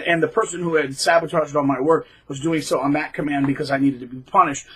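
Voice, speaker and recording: Husky, bright-voiced man rambling. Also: on the high side, poor audio. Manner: rambling, repeats words, many fillers. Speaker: channel host. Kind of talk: casual monologue to camera.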